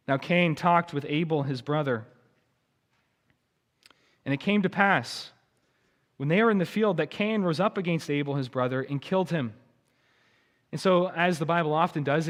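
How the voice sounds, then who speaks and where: A male pastor preaching a sermon, shifting from quiet explanation to loud emphatic warnings and speaking at times to the children. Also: a little high, long reverb tail. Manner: addresses children in the congregation. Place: church sanctuary.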